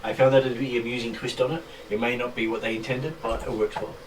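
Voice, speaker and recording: Brief: male game master, mid-pitched, casual and patient, recorded a bit off-mic with faint hiss. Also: flat delivery, fast talker. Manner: casual, explains rules patiently. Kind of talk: running a tabletop game. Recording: far from mic, faint noise.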